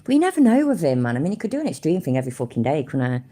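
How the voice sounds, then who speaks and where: Low-voiced sweary woman in her forties. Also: big pitch swings, very fast, warm tone. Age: 40s. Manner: sweary, mocking, laughs often. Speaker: streamer reacting to videos. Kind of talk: casual reaction commentary.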